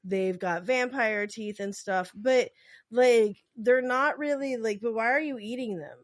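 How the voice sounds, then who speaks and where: A woman's voice: on the high side, a little slow, no echo, clean studio sound. A woman co-hosting a podcast, chatting casually and rambling with lots of filler words. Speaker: podcast co-host.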